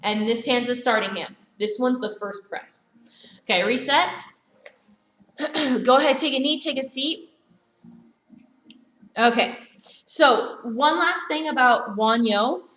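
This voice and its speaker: A woman with a bright, fairly high voice leads a virtual karate class. She calls out brisk commands and corrections. The sound rings around an echoey studio. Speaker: karate instructor. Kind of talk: live virtual class instruction. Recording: echoey room.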